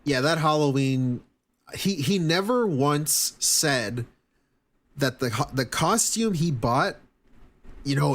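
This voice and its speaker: A man's voice: a little high, animated, takes it slowly, pauses often, a bit bright. A young man giving casual, sarcastic stream commentary, swearing often and mocking what he watches.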